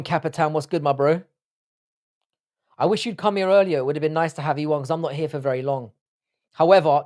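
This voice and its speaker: His voice sits on the high side with a darkish tone. An Englishman with a London accent, he hosts a live stream full of casual, joking, foul-mouthed banter with the audience.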